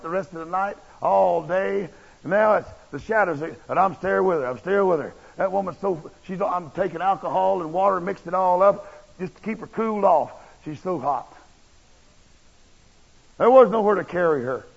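A man's voice: high-pitched, normal speed, vocal fry, slightly rough. A man preaching a sermon, telling a personal story in a folksy, blunt and emphatic way. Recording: dull lo-fi recording.

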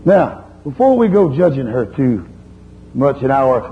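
A man preaching a sermon, telling a story in a lively, folksy way and chiding his listeners. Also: medium pitch, a little slow. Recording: dull lo-fi recording with faint hum.

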